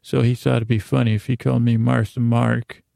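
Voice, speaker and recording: A man voicing a brash, teasing woman ventriloquist in a told comedy story, quick and offhand with stammers. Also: mid-range voice, flat delivery, gravelly, warm tone, dry recording, studio quality.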